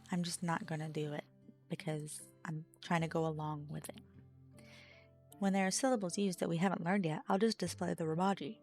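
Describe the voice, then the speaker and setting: An Australian woman streams a game, reading each line of on-screen lesson text aloud in a fairly low voice. She breaks off to chat with her partner off to the side, and soft game music plays underneath.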